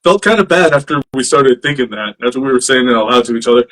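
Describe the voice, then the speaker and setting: A man hosting a podcast, casually telling stories in an animated, profane way. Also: medium pitch, fast talker, slight background noise, poor audio. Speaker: podcast host. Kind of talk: casual chat.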